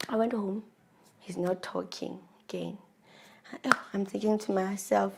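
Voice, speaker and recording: A woman's voice: mid-range voice, fairly even intonation, measured pace, gravelly, dark tone, slight background noise. A South African woman in her thirties, emotionally confiding a personal story with frequent restarts. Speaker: vlogger.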